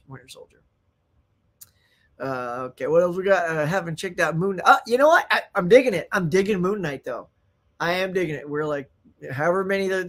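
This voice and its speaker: A man hosting a casual live-stream chat about movies and TV. He rambles excitedly, laughs often and reacts to viewer comments. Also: fairly high pitch. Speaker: host.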